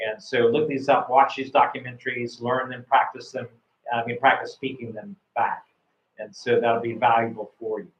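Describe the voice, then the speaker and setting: A man's voice: medium pitch, level tone, normal speed. A man coaching a student after a speaking test, praising his answers and often repeating words and restarting sentences. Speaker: IELTS speaking examiner and coach. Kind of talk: spoken test feedback. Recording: roomy, dull lo-fi sound.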